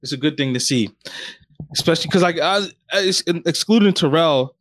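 A man's voice: on the high side, fairly quick, no echo. A young man chatting casually on a podcast in a laid-back, teasing way. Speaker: podcast co-host. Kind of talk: casual chat.

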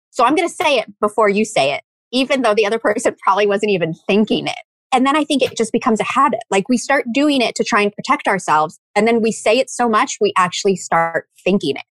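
Lively woman telling stories in casual chat. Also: on the high side, no room sound. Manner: animated storyteller, acts out quoted lines.

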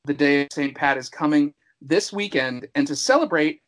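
A man's voice: a little high, normal speed, fairly bright tone, low-quality recording. A man hosting a casual horror-movie podcast, talking in a playful, showman-like way that rambles and restarts. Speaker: podcast host. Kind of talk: casual podcast chat about a horror film.

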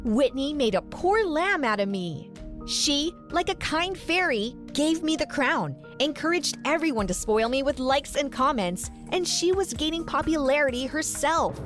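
A woman's voice: high voice, animated, moderate pace, over music. A woman telling a first-person story for a podcast in a dramatic, resentful manner.

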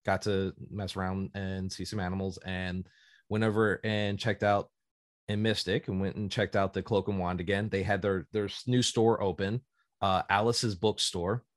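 A man's voice: low-pitched, level tone, moderate pace, no room sound. A man hosting a podcast in casual chat, rambling and enthusiastic and prone to tangents. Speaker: podcast host.

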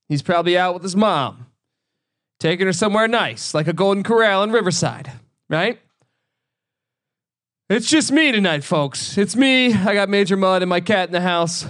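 A fired-up man hosts a solo sports podcast, swearing freely and repeating himself for emphasis. His voice sits a bit higher than most men's and sounds close and dry, with no room echo. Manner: profane, excitable, repeats his own phrases. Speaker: podcast host.

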